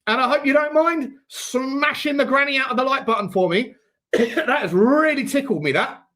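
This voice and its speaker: A man's voice: extremely high pitch, moderate pace, bright, forceful tone. A man with an English accent hosting a casual livestream, playful and rambling, his throat strained and coughing. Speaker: host.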